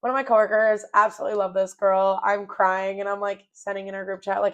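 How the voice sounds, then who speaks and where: A woman's voice: mid-range voice, flat delivery, fast talker, a bit bright. Candid young woman telling a personal story. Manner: candid, rambling, self-mocking humor. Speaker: podcast host. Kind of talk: casual personal storytelling monologue.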